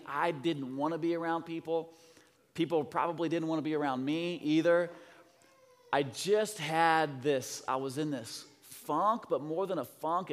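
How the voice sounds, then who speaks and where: Animated pastor telling stories in a hall. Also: male voice, a little high. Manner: animated storyteller, acting out family dialogue, swings from soft to loud. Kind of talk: sermon storytelling. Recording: long hall reverb.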